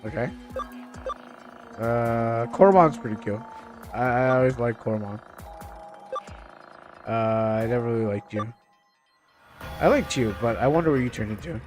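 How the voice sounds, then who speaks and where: Stumbling young male game streamer. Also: medium pitch. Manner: stumbling, restarting words while reading aloud. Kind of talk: casual gameplay commentary, reading game text aloud.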